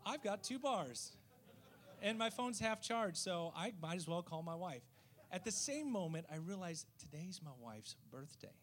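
A man, a missionary, telling a story in a lively way and acting out the voices of the people in it. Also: high voice, a little slow. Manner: lively, acts out quoted voices. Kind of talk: storytelling testimony.

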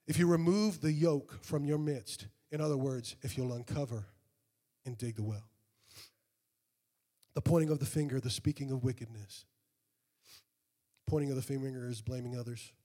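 A man preaching a sermon, reading scripture and praying with fervor that swells into loud, drawn-out calls. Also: medium pitch, fairly even intonation, long reverb tail. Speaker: pastor.

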